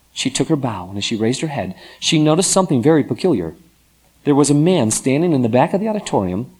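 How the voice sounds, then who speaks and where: A man narrating a story in an expressive, dramatic storytelling manner. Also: mid-range voice, husky.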